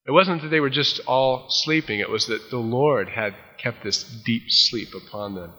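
A man preaching, reading scripture aloud and then retelling it with lively acted-out voices. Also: mid-range voice, normal speed, big-room sound. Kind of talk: expository Bible teaching.

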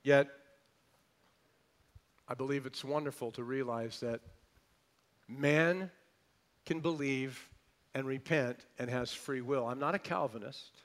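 A male pastor preaching a sermon emphatically, repeating phrases and swinging between loud declarations and soft asides. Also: mid-range voice, slow pace, pauses often.

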